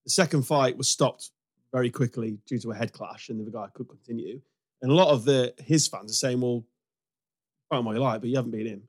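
A man's voice: mid-range voice, quick pace. A man hosting a podcast in casual, jokey chat, laughing often. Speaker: podcast host.

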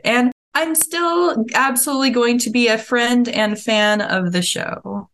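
A woman's voice: a little high, measured pace, few pauses, fairly bright tone. A woman co-hosting a podcast, chatting casually and eagerly about classic films. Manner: enthusiastic film buff. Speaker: departing podcast co-host.

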